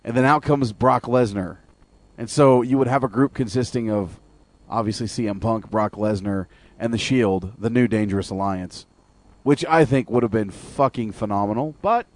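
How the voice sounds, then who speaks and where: A man's voice: on the low side, moderate pace, dry recording. A man co-hosting a radio show, rambling through his opinions and searching for words. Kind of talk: casual wrestling talk.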